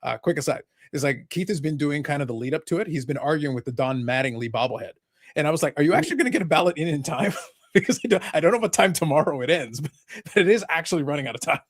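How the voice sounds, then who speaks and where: A man's voice: a little high, animated, fast. A man hosting a live podcast, talking casually in a rambling, sarcastic, joking way. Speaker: podcast host.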